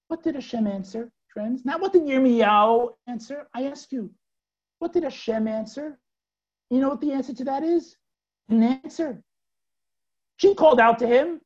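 A woman lectures on scripture with theatrical swings from loud to hushed, asking her listeners questions as she goes. Her voice sits fairly high but sounds dark and husky, with very lively pitch. The recording is dull and lo-fi. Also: moderate pace. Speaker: Bible teacher.

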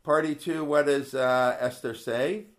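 A man's voice: mid-range voice, steady tone, a little slow. A man teaching a text study class in a casual, conversational way, asking rhetorical questions and quoting verses aloud. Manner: conversational, asks many rhetorical questions, quotes Hebrew verses; digressive, with many restarts. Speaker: religious studies teacher. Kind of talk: Torah class lesson.

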